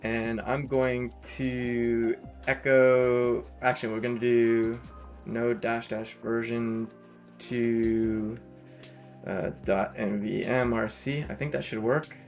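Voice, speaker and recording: A man's voice: mid-range voice, little pitch movement, takes it slowly, soft background music. A Canadian man streaming a live coding session, thinking aloud and correcting himself as he types commands. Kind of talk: casual live-coding narration.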